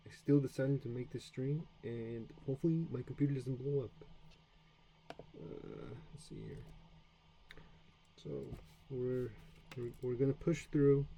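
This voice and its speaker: American guy streaming his french study, slow and rambly, real mellow dark voice. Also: mid-range voice, a little hiss or hum, rough recording. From United States. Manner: rambling, self-deprecating, many fillers and restarts. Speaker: language learner streaming his practice. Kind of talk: casual self-study stream, practicing French sounds aloud.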